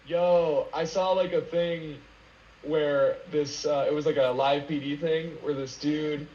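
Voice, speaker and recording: A man's voice: on the high side, steady tone, unhurried, dark tone. A man talking casually on a podcast as a guest, rambling with lots of fillers and swearing. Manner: rambling, many fillers, profane. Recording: roomy lo-fi with faint noise.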